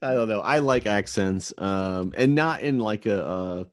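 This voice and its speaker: A man hosting a podcast, talking in a relaxed, reflective way with lots of "you know". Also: fairly low pitch, unhurried, no echo, clean studio sound. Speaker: podcast host. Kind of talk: casual conversation.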